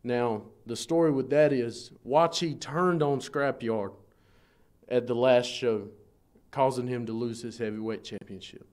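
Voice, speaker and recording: Guy, pro wrestler on local tv, laid-back plain answers, middle-pitched voice. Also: steady tone, unhurried, darkish tone. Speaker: pro wrestler promoting a show. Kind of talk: casual local TV interview.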